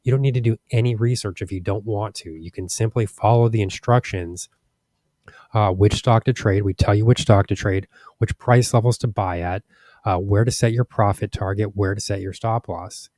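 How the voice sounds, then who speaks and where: A man's voice: fairly low pitch, fairly even intonation, fairly quick, darkish tone, no echo, studio quality. A man hosting a stock market channel, speaking frankly and with exasperation over charts, with many restarts and fillers. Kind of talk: casual commentary over charts.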